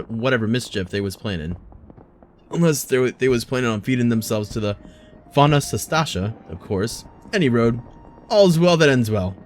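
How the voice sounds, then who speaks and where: A man doing a gruff old guild master. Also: medium pitch, natural voice. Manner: rough colloquial speech, reading aloud with hesitations. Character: gruff older male guild master, blunt and hearty.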